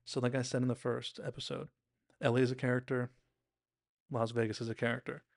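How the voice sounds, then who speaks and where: Podcast host, male, gravelly, dry close sound, chatty recap delivery. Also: mid-range voice, little pitch movement, fairly quick, no room sound. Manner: chatty, enthusiastic, acts out quotes, many "like"s. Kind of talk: casual episode analysis.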